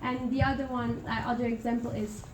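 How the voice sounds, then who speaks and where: In a noisy, echoing room recorded at a distance, a young international student from Italy delivers a classroom presentation. Her voice is on the high side and level, her pace fairly quick, and her speech hesitant with plenty of fillers and restarts.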